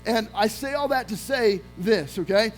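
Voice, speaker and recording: Male pastor, very high voice, energetic storytelling sermon, faint music behind. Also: normal speed, low-quality recording. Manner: energetic storytelling with acted-out quotes. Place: church sanctuary.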